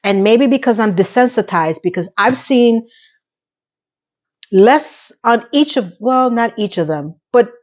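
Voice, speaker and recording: A woman casually recapping a TV episode in a chatty, animated way. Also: a little high, unhurried, dull audio. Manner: animated, acts out quotes.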